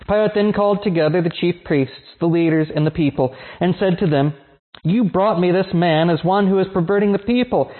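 A man giving a measured, solemn liturgical scripture reading. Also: high voice. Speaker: scripture reader. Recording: tinny phone-like sound.

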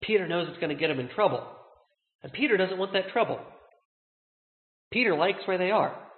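A man preaching a sermon as a pastor, earnest, slowing down to stress key words. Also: high-pitched, animated. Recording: tinny, echoey hall.

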